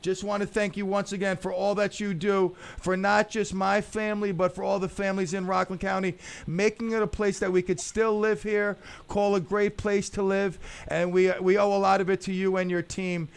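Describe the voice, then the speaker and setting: A man's voice: sits high, flat delivery, moderate pace, few pauses, clean tone. A man in his fifties hosting a radio talk show, joking and rambling through stories with lots of restarts, into a studio microphone. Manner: jokey, rambling storyteller with many restarts. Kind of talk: casual talk radio banter.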